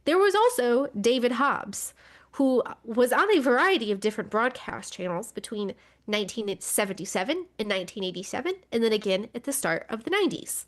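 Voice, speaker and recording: A woman's voice: on the high side, lively intonation, a little fast. A woman co-hosting a motorsports podcast, talking through racing news in a wry, exasperated way and swearing casually. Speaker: podcast co-host.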